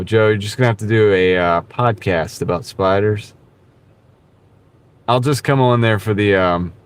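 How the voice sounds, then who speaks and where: A man's voice: lowish voice, clean tone. A man hosting a live stream from his car while gig driving. He chats casually with viewers in a laid-back, rambling way and often says "dude". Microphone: wireless clip-on mic.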